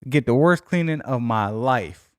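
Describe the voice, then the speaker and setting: A young adult man casually telling a story on a podcast, animated and profane, acting out both sides of each conversation. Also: mid-range voice, unhurried, clean tone, no echo, studio quality. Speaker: podcast co-host.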